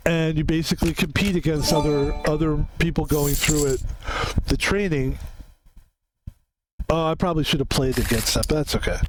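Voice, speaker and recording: A man in his fifties gives loose, meandering commentary while playing a game. His voice sits a little high for a man, and he drifts into stories peppered with swearing. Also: a little hiss or hum, rough recording. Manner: rambling storytelling with frequent profanity. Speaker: gaming video host.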